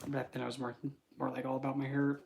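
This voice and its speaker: A young man, a spiritual reader, chatting casually on a livestream and telling rambling, animated stories with many fillers. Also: mid-range voice, quick pace, vocal fry, slight background noise.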